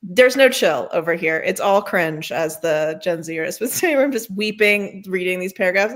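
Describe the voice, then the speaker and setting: A woman novelist talking about her debut book in a casual interview, chatty and self-deprecating, often jumping high when quoting her own thoughts. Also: expressive, normal speed, few pauses.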